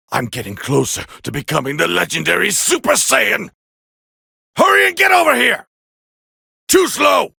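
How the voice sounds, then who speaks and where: An actor playing an arrogant, proud alien warrior prince, barking boastful taunts and battle cries in gravelly video game voice clips. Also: male voice, high-pitched, pushed and bright, dry recording, studio quality, exaggerated voice. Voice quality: gravelly, raspy. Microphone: close studio mic, dry.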